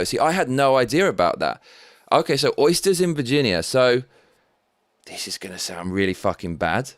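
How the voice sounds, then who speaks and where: A man's voice: fairly low pitch, very animated, moderate pace, long pauses, no echo, studio quality. A man with an English accent hosting a live stream, reading out viewer comments in a cheeky, rambling, sweary way. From England.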